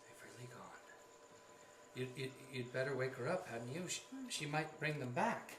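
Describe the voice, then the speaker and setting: Woman playing flustered stammering husband, very low voice, polite, amateur play, echoey, music behind. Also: moderate pace, background noise. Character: flustered male husband, exasperated gentleman. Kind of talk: amateur stage play performance.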